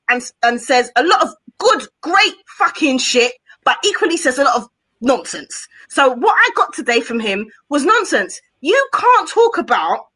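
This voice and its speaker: A woman on a podcast panel, talking in a heated, outraged way, swearing and nearly shouting. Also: high-pitched. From Britain. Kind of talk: heated casual discussion.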